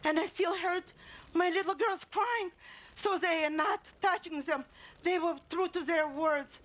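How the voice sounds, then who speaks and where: A woman acting a middle-aged mother who survived a pogrom, speaking in a halting stage monologue full of restarts and repeated words. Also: very high voice, a bit bright. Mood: desperate. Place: theater stage.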